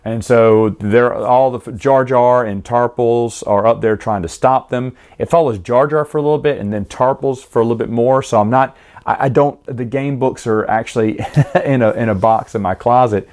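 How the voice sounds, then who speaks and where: A man's voice: medium pitch, moderate pace, darkish tone. A man giving a casual, rambling book review with wry asides, who acts out the characters as he retells the plot.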